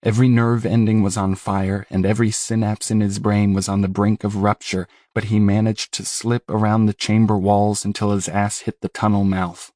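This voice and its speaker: Deep, flat-voiced male horror narrator. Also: normal speed, hardly any pauses, dry recording, studio quality. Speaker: audiobook narrator.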